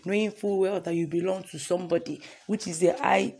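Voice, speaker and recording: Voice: medium pitch, steady tone, a little fast, creaky, a little mellow, slight background noise. A devotional host leading a morning sermon, fervent and repetitive, calling listeners to repeat affirmations.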